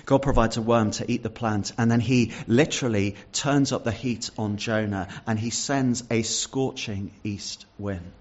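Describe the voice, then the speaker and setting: A man's voice: lowish voice, measured pace, few pauses. Earnest male preacher, muffled sound. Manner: earnest, reads Bible verses aloud and explains them; repeats words and restarts with fillers. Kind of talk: sermon.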